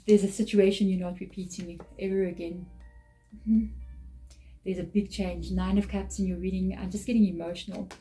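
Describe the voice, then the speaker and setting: Woman tarot reader, mellow tone, heartfelt and repetitive delivery, soft music underneath. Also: medium pitch, low-quality recording. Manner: emotional, earnest, repeats phrases. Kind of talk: tarot reading to camera.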